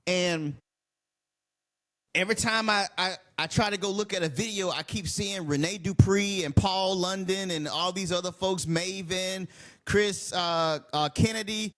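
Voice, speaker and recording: A man's voice: high-pitched, a little slow, fairly bright tone. A man ranting heatedly in a casual commentary video, swearing and repeating himself as he rambles. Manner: heated, profane, rambling and repetitive. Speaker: wrestling commentary vlogger.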